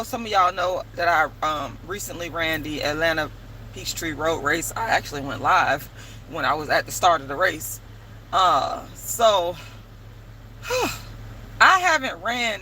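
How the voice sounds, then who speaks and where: A woman telling a story to camera in a casual vlog, animated and emphatic, swearing freely. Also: fairly low pitch, slight background noise, rough recording. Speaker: vlogger and playwright.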